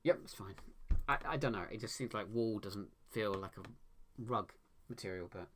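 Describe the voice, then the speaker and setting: A man's voice: fairly low pitch, moderate pace, a little hiss or hum. A man writing a story live, muttering and correcting himself as he reads his sentences aloud. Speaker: author writing a book live. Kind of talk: thinking aloud while drafting prose. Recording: loud keyboard typing throughout. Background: keyboard clicks and typing.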